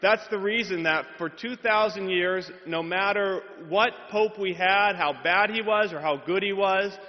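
A man's voice: sits high, measured pace. A male priest giving a homily, telling a humorous, self-deprecating story in a church. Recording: reverberant hall, dull sound.

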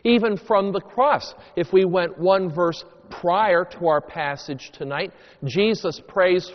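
A man preaching a homily as a priest, with slow, deliberate phrasing that rises and falls dramatically. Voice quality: sweeping highs and lows, slow deliberate delivery. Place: church. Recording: long church reverb, dull lo-fi sound.

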